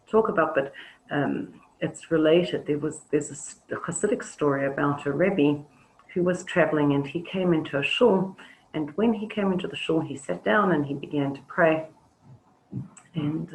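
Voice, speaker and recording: A woman teaching an online webinar, talking reflectively with halting pauses and fillers over a video call. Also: low-pitched, a little hiss or hum, poor audio. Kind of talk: webinar talk with storytelling.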